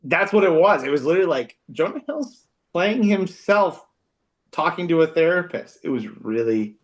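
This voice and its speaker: Dry, deadpan male guest, higher voice. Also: normal speed. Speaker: podcast guest. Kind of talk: casual movie chat.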